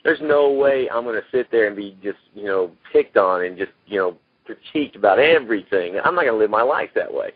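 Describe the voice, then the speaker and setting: A man's voice: lowish voice, lively intonation, brisk, no room sound. A man, talking about his life as an actor guest in a rambling, folksy way, full of "you know". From Texas. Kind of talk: casual interview talk. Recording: tinny phone line.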